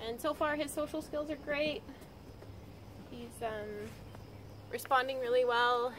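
A woman dog trainer calmly explaining, step by step, how she trains a dog. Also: unhurried, a little hiss or hum. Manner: calm, practical explaining with frequent high-pitched praise to the dog.

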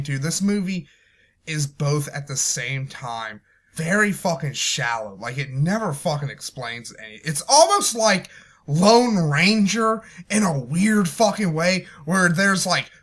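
Young man, angry profane movie rant, bright edgy voice, mutters then yells. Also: high voice. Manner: angry, swears constantly, swings from muttering to shouting. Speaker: movie reviewer. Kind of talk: profane ranting movie review.

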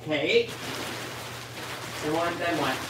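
A woman's voice: low voice, slow, very noisy. A woman vlogger in casual chat, cooing in baby talk at puppies.

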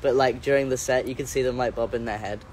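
A musician hosts a livestream, chatting loosely and playfully, reading out viewer comments, rambling, and correcting himself mid-sentence. His mid-range voice is fast, fairly even in intonation, and darkish in tone, with a little hiss or hum in the audio.

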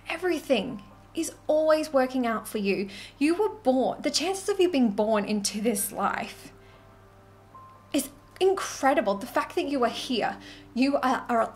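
A woman talking casually to camera as a spiritual coach, giving an animated tarot reading and acting out quoted voices. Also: fairly high pitch.

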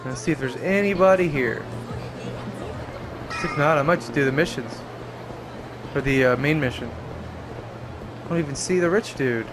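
A man's voice: on the high side, moderate pace, pauses often. A young man giving profane, jokey let's-play commentary while he plays. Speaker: gaming channel host. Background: game music.

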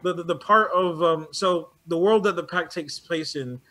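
Animated man with a higher voice. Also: moderate pace. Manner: animated, many restarts and repeated words. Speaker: animation producer, guest. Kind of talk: casual conversation.

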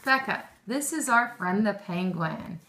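Slow, bright-voiced woman teaching children. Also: medium pitch, expressive, a little hiss or hum. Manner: encouraging, praises often, questions drawn out. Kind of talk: lesson for young children.

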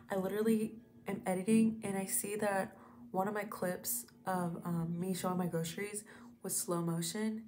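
A woman's voice: mid-range voice, fairly even intonation, moderate pace, over loud music. A young woman vlogging casually to the camera, chatty and slangy, talking into a phone held at arm's length. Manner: chatty, slangy, says "bro" and "like". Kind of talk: casual vlog talk to camera. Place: out and about, stores and apartment.

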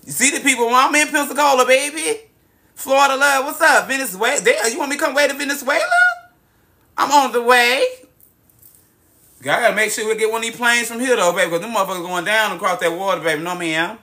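A young man, talking high and bright into his phone as he hosts a casual livestream. He calls out viewers' cities in an excitable, swearing drawl, with plenty of "baby" and "girl" thrown in. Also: fast talker. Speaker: livestream host. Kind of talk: casual livestream chat, reading viewer comments.

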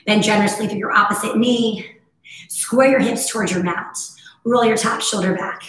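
A woman fitness instructor with a hoarse, husky voice, cueing breaths and moves in a casual, encouraging live workout class. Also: mid-range voice, moderate pace. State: hoarse from overuse. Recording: very echoey room.

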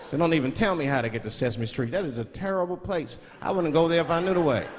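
A man doing a stand-up comedy routine, animated storytelling that swings between hushed and loud, with a handheld mic on a large theater stage. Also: a little high, fast. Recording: live show with loud crowd and noise. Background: loud crowd laughter.

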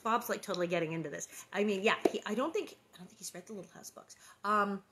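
A woman's voice: mid-range voice, background noise. Woman host, casual and rambling, lots of "um"s and little laughs, chatty aside between chapters. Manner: chatty and rambling, with many fillers and quick laughs. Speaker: host reading a book aloud online. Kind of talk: casual chat between readings.

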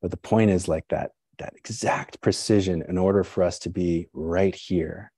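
A Zen teacher's dharma talk comes in a deep, husky, slightly breathy voice that is mellow, fairly even in intonation and moderately paced. He reflects conversationally, asking himself questions, checking in with listeners and often saying "right?" or "you know." It's recorded close and dry with no room sound.

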